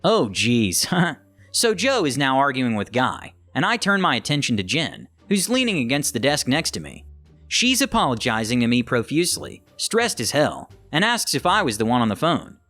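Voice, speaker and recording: A man narrating a story in an animated, lively way, his pitch rising and falling freely at a middle register. He acts out the quoted lines as he reads, with faint music playing underneath. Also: normal speed. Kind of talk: scripted narration of online stories.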